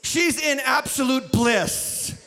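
A man preaching a sermon as lead pastor, telling the story with jokes and sudden shouts. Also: very high voice, takes it slowly. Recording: long hall reverb.

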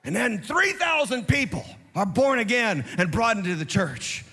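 A man preaching a sermon as lead pastor, telling Bible stories in an animated, acted-out way. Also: sits high, moderate pace, breathy edge. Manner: animated storytelling, acts out Bible scenes. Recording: long reverb of a large church hall.

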